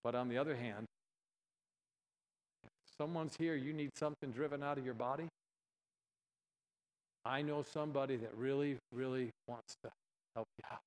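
A man's voice: mid-range voice, steady tone, normal speed, pauses often, rough recording. A man preaching a sermon, telling a story and acting out both sides of the dialogue with animation.

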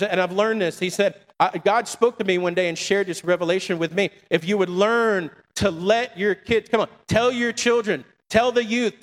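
A middle-aged male pastor preaching a sermon to a congregation, with frequent call-and-response asides. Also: high-pitched. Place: church sanctuary. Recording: long hall reverb.

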